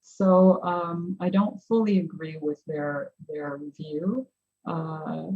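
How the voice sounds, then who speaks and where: A woman answers audience questions at a conference. She speaks in a low, husky voice, thinking aloud and restarting her phrases often. The recording is dull and lo-fi. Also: steady tone, slow pace. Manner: thoughtful, with frequent restarts.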